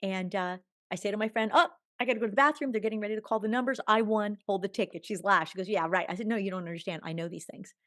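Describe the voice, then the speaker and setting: A woman in her sixties, a podcast guest telling a personal story in an animated way, acting out quoted dialogue and laughing often. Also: medium pitch, very fast, few pauses. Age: 60s. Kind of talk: storytelling in a conversational interview.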